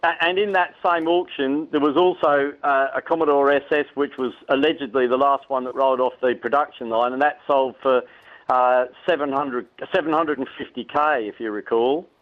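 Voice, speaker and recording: A man speaking as a guest on a radio show by phone, measured and polite as he explains. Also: medium pitch, fairly even intonation. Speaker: guest expert. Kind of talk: radio interview over the phone. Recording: tinny phone line.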